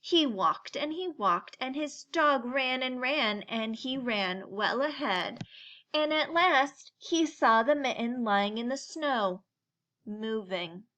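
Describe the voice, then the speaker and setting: Female storyteller, read-aloud pace, slightly high, bright tone. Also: animated. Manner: slow, gentle read-aloud. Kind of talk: reading a picture book aloud.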